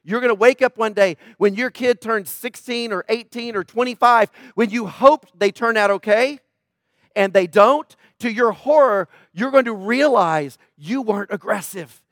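A man's voice: high-pitched, normal speed, fairly bright tone, no room sound, studio quality. A man preaching a sermon in church, urgent and emphatic, driving his points home through repetition. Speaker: pastor.

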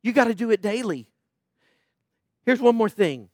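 Male pastor, high voice, urgent emphatic sermon delivery in church, dry close sound. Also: lively intonation, moderate pace, darkish tone, no echo. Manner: urgent, emphatic preaching with repetition.

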